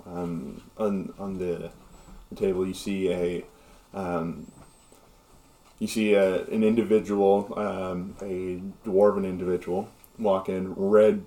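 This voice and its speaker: A man's voice: low-pitched, dark tone. A man running a tabletop game as game master, narrating casually with lots of fillers.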